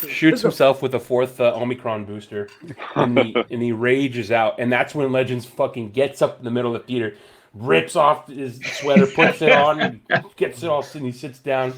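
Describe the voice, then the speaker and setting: A male podcast host with a voice of ordinary pitch, talking in loose, casual chat. He tells stories with plenty of energy and swears freely as he goes. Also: moderate pace. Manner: animated, profane storytelling.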